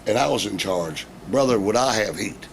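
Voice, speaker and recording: A middle-aged man, a wrestling veteran telling profane, animated stories in a casual interview. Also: on the low side, normal speed, gravelly. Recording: noisy background.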